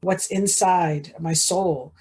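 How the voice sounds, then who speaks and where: A woman in her fifties with a husky, slightly breathy voice that sits a little low. She talks as a podcast guest in a loose, chatty way, laughing often and starting sentences over. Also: fairly even intonation, slow pace, a little mellow. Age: 50s. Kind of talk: casual interview chat.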